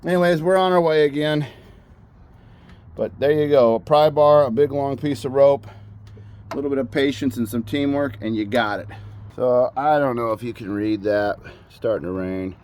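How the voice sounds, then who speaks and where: A man's voice: medium pitch, moderate pace, darkish tone, a little hiss or hum. A man, a father hosting a backyard mechanic channel, talks casually and jokes at his own expense while working on a car outdoors. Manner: chatty, joking, self-mocking. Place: outdoors in a backyard garage area, rain starting.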